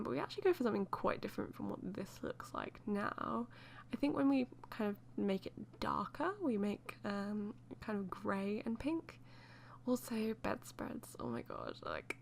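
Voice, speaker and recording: A woman's voice: medium pitch, vocal fry, slight background noise. A woman chatting loosely as she voices over a game build, rambling with many fillers and light laughs. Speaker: let's play host.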